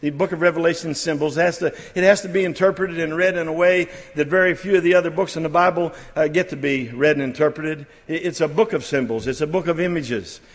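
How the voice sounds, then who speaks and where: A middle-aged man preaching at a church camp, folksy and halting with many restarts, building to fervent exhortation. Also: on the high side. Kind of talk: sermon. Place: church camp meeting hall. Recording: long hall reverb.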